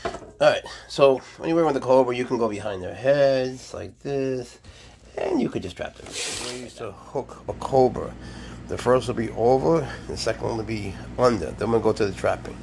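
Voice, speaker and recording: A man's voice: mid-range voice, moderate pace, creaky, a little mellow, slight background noise. A man who keeps exotic pets, chatting casually to his animals and coaxing them, with muttered swearing asides. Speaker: exotic pet keeper.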